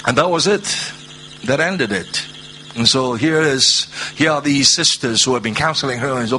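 A man preaching a sermon, alternating slow scripture reading with rising, drawn-out proclamations. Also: bright, forceful tone, a little hiss or hum. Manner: rises to high, drawn-out proclaiming.

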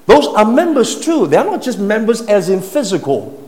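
A man's voice: high-pitched, sing-song, normal speed, darkish tone. A man preaching a sermon in a teaching manner, putting questions to his listeners and repeating words as he builds his points. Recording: long hall reverb.

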